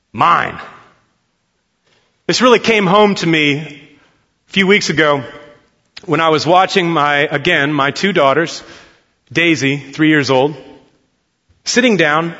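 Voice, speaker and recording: A man's voice: fairly high pitch, bright, forceful tone. A man in his thirties preaching a sermon as a pastor, earnest and conversational, prompting the congregation to answer. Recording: dull, long-reverb hall sound.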